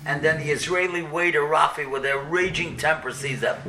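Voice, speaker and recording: A man giving a storytelling sermon, animated and acting out the dialogue. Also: a little high, fairly quick, few pauses, a little hiss or hum. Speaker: speaker. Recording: echoey room, mic at a distance.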